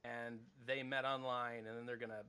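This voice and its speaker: A man in his thirties co-hosting a podcast in casual chat, rambling and animated, with casual swearing. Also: mid-range voice, moderate pace, clear, resonant tone.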